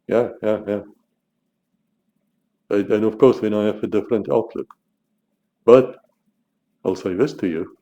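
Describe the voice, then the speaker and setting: With a dark, low-sitting voice, a South African man argues his point bluntly in a monologue to camera for his channel. He speaks unhurriedly with frequent pauses, restarts and repeats words, and the audio is muffled.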